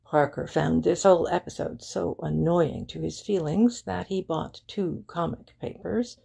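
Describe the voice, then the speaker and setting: A woman reading a detective novel aloud as audiobook narrator, in a measured, even manner. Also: sits low. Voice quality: gravelly, husky. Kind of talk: scripted narration.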